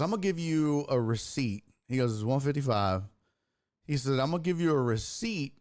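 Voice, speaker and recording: Animated, profane male storyteller. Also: fairly high pitch. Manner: animated, profane, acts out voices in his anecdotes. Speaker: sports podcast host. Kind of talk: casual storytelling.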